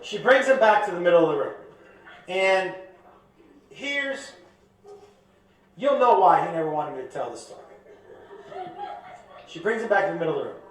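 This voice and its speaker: A stand-up comedian telling a long story on stage, animated and shouting his punchlines over the laughter. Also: sits high, moderate pace, long pauses. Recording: echoey comedy club from the stage.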